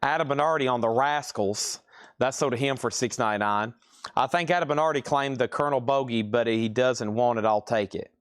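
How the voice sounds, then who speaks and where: A man with a Southern US accent hosts a live record sale, drawling out his words as he reads titles and prices chattily. His mid-range voice is fairly quick, on a dry, clean studio recording.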